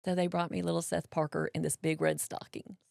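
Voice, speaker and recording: A woman, telling a personal story as an interview guest, folksy and animated, acting out what others said. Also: on the low side, brisk, creaky, no room sound, studio quality. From Mississippi, US.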